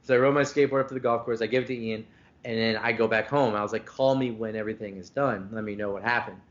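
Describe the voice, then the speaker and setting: A man's voice: lowish voice, fairly even intonation, fast talker, muffled recording. A man hosting a podcast, telling a rambling, profane story in casual chat over a video call. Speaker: podcast host.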